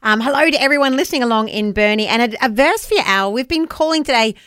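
A woman from New Zealand with a New Zealand accent, co-hosting a breakfast radio show, bubbly and quick to laugh as she chats and reads scripture. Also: a little high, smooth, no echo, studio quality. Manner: bubbly, laughs often, warm devotional reading. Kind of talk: casual radio banter. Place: radio studio.

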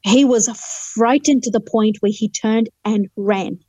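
Woman telling a story, kinda high voice but mellow, dry close sound. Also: measured pace, no room sound, highs cut off. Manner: vivid storyteller who acts out dialogue. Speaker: guest, human rights lawyer. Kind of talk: telling a personal testimony in an interview.

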